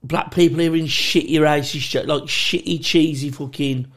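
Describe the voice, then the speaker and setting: A man's voice: fairly high pitch, fairly even intonation, moderate pace, fairly bright tone. A man co-hosting a podcast, telling sweary stories in casual chat and laughing often. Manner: sweary storytelling, laughs a lot. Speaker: podcast co-host.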